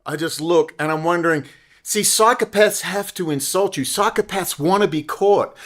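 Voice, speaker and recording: A man's voice: high-pitched, normal speed, fairly bright tone. A man delivering an angry, profane, sarcastic commentary monologue, repeating rhetorical questions. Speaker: political commentator.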